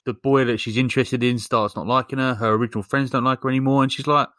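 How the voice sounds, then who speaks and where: A man's voice: medium pitch, steady tone, fast, a bit bright, no room sound. A man co-hosting a podcast, casually retelling a film plot in a rambling, jokey way with lots of ums. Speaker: podcast co-host.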